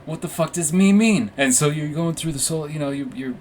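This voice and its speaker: A man's voice: on the high side, a little fast, a little hiss or hum. Rambling, profane young man telling a story. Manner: rambling, profane, self-mocking, with frequent restarts and fillers. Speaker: podcast host. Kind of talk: casual storytelling monologue. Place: room with warm orange lighting.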